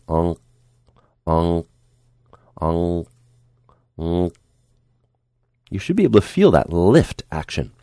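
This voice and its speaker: A man teaching a speech lesson, calm and patient, demonstrating the sounds aloud as he explains them. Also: fairly low pitch, dry recording, clean studio sound.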